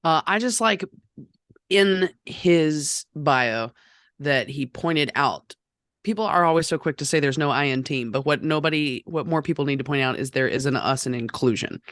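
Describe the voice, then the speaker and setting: An easygoing podcast co-host who agrees readily and reads a guest bio in an unhurried way. The voice sits at a middling pitch, and the sound is dry and close with no room around it. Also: fairly bright tone, no echo. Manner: easygoing, agreeable, quick to affirm. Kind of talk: casual podcast chat and reading guest bios.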